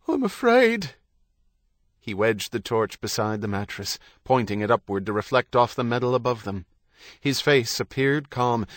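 Guy reading an audiobook, steady storytelling, dry booth sound. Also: lowish voice, no room sound. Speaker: audiobook narrator. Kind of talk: scripted narration.

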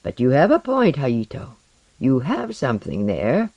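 A narrator voicing Osden, a bitter and mocking male empath, in a lively, raised voice in a science-fiction audiobook. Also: medium pitch, measured pace, dry recording, dull audio, full character voice.

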